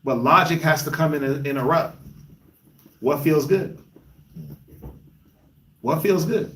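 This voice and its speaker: A man's voice: slow, a bit bright, distant mic, slight background noise. A man leading a group discussion, talking casually and acting out quoted voices. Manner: conversational, acts out quotes in high voices. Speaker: lead speaker of a discussion group. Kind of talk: animated teaching talk. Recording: echoey room, speaker away from the mic.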